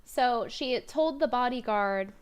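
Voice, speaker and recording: A woman's voice: fairly high pitch, takes it slowly, crowd noise. A woman streamer giving wry commentary and explanations while reacting to a clip. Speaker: streamer host.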